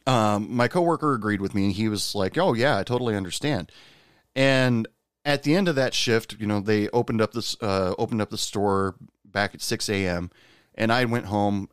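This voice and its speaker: A man's voice: lowish voice, smooth, no room sound, studio quality. A man casually telling a candid, confessional personal story at an easy pace.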